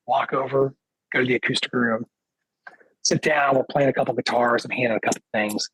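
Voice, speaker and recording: A husky-voiced man tells a rambling, animated anecdote as a podcast guest. He has a mid-range voice and a dry, close sound, and he keeps slipping into quick impressions of the people in his story. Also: medium pitch, no echo, low-quality recording. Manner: animated, quotes others with "he goes" and acts their lines; loose filler-heavy phrasing.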